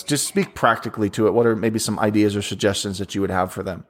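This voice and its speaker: A man's voice: fairly low pitch, fairly even intonation, quick pace, hardly any pauses. A man hosting a podcast, affirming his guest and asking questions. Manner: encouraging, affirming. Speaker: podcast host. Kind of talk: casual podcast conversation.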